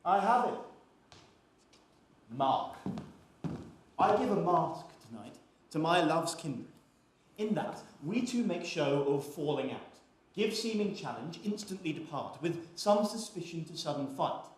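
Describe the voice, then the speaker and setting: A witty young gallant plotting a ruse, voiced by a man in a live stage play. He declaims his verse in a slightly high voice, and the theatre hall rings with heavy echo. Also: big pitch swings, measured pace, pauses often. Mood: scheming. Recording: very echoey stage with faint noise.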